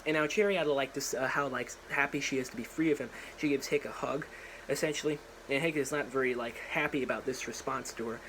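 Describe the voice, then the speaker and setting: A young man rambles through a story idea, full of fillers and quick restarts. He slips into characters' lines now and then as he talks into a propped-up phone. A faint hiss sits under his voice. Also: medium pitch, steady tone, a bit bright, poor audio. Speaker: vlogger.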